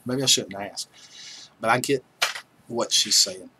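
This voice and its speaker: A man's voice: fairly low pitch, measured pace, bright, forceful tone, slight background noise, poor audio. A man hosting a livestream, chatting casually and joking with viewers as he reads their names aloud. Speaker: livestream host. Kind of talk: casual chat with live viewers.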